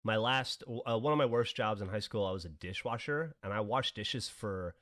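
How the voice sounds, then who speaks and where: A man's voice: lowish voice, moderate pace, fairly bright tone. A man in his forties telling funny stories on a podcast, swearing and laughing often and acting out the people he quotes. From American South. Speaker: podcast co-host. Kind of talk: casual storytelling.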